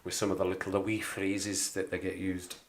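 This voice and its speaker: Chatty West Midlands man, lowish voice. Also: flat delivery, fairly quick. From Wolverhampton area, England. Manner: rambling, chatty, laughs often. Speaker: livestream host. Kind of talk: casual livestream chat.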